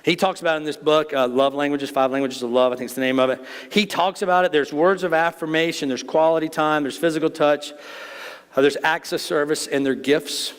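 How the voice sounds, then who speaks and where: A man's voice: fairly high pitch, steady tone, a little fast, clean tone. A middle-aged man preaching a conversational sermon to his congregation, joking and folksy as he talks straight to them. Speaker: pastor. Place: church sanctuary. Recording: long reverb of a church sanctuary.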